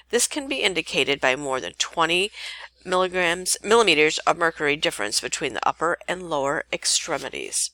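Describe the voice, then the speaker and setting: A woman nursing instructor reading a lecture podcast in a steady way, now and then correcting herself mid-sentence. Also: deep voice, dry recording.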